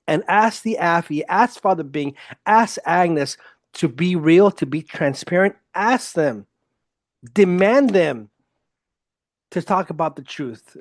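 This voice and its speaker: A man's voice: on the high side, no echo. A man hosting a solo podcast, talking in a blunt, emphatic way and swearing openly. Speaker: podcast host. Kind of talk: casual solo podcast monologue.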